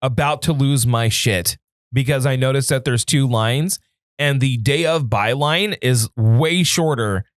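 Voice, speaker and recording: A man's voice: medium pitch, unhurried, no room sound, clean studio sound. A man co-hosting a podcast, telling a story in casual chat, jumping in and doing voices. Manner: animated, does voices and interrupts. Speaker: podcast co-host.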